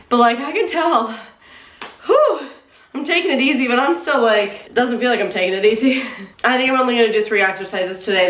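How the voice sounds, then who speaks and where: A congested woman chats to her camera at home in a relaxed vlog. She talks loosely, full of "like" and soft laughs, and sounds a little winded as she goes. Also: fairly high pitch. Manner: chatty, filler-heavy, frequent "like" and soft laughs. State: congested, a little out of breath while exercising. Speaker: lifestyle vlogger. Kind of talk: casual vlog chat to camera. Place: at home, by her desk and treadmill.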